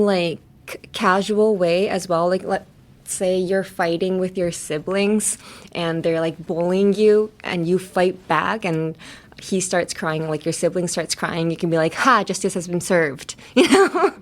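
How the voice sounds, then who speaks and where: A woman talking casually in a bilingual English lesson on a podcast, chatty and quick to laugh, slipping between English and Japanese. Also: mid-range voice.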